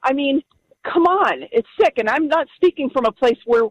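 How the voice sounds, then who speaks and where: A woman's voice: high voice, expressive, normal speed, no room sound, muffled recording. A woman calling in to a radio show, speaking firmly and from the heart about her convictions. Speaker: caller. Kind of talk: call-in radio talk.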